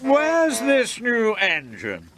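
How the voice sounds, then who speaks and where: A man's voice: extremely high pitch, huge pitch swings, extremely slow, fairly bright tone, a little hiss or hum, pitched above the performer's own voice, exaggerated voice. A man voicing a grand, prim female vintage lorry who speaks in a sniffy way. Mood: haughty.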